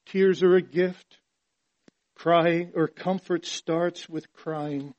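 A man preaching from the pulpit in a voice pitched somewhat high for a man. He drops to near-hushed tones and then builds to loud, emphatic passages. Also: fairly even intonation, very slow, dull audio. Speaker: pastor. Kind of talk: sermon.

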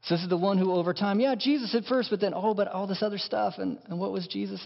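A man preaching a sermon as pastor, impassioned, dropping to hushed lines and rising to emphatic ones. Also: high voice, quick pace, gravelly, few pauses. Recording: dull sound in a large reverberant hall.

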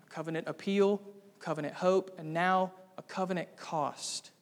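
A man preaching an expository sermon as pastor, emphatic, with sudden dramatic rises in pitch and volume. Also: steady tone, normal speed. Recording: long hall reverb.

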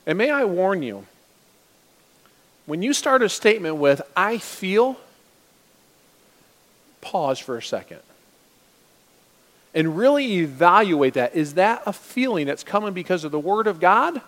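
A man preaching a sermon as pastor, swinging between loud urgent stretches and hushed asides. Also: sits high, sing-song, moderate pace, long pauses, long reverb tail. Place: church sanctuary.

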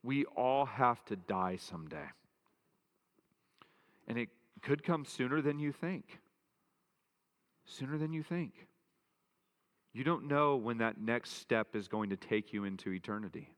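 A man delivers an earnest sermon as a pastor, leaning on emphatic repetition to drive his points home. His mid-pitched voice rings out with a long hall reverb trailing behind each phrase. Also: expressive, measured pace, pauses often.

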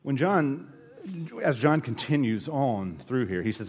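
A man preaching a sermon as pastor, emphatic, with sharp rises and drops in his delivery. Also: mid-range voice, animated, unhurried, slightly rough, in a large hall.

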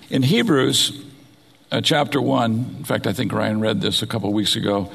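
A man's voice: fairly low pitch, moderate pace, creaky, fairly bright tone, husky, long reverb tail. A man preaching a sermon, reading scripture aloud and explaining it verse by verse. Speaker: pastor.

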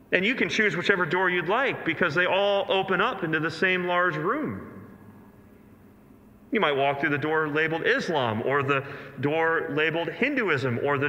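A male pastor with a fairly high, pushed, bright voice preaches an earnest, emphatic sermon to his congregation, using rhetorical questions. The recording carries echoey hall reverb from a large church sanctuary.

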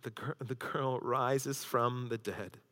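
A man preaching a sermon as pastor, swinging between loud emphasis and hushed intensity. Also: medium pitch, steady tone, slow. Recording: long hall reverb.

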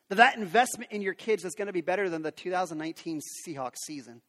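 Man, pastor, high voice, earnest conversational sermon, long echo of a big hall. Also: fairly bright tone. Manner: earnest, conversational preaching to parents. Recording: long reverb of a large hall.

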